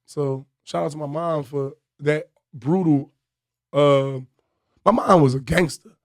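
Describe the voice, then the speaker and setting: A man from Philadelphia, a comedian guest telling a story on a podcast in a lively way and acting out the voices of the people in it. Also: a little high, takes it slowly, vocal fry, no echo, clean studio sound. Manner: animated storyteller who acts out voices, bursts into loud laughter.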